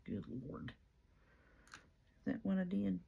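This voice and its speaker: A woman's voice: mid-range voice, lively intonation, slow pace, gravelly, husky, narrow, tinny audio. A woman chatting casually as she works on a paper craft, folksy and talking to herself and her materials. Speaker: crafting vlogger.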